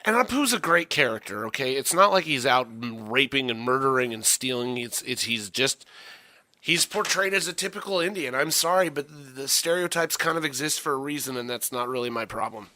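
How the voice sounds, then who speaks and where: A man's voice: medium pitch, a little fast, sharp tone, no room sound. A man co-hosting a casual podcast, ranting profanely and exasperatedly about his week. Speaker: podcast co-host. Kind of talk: casual chat.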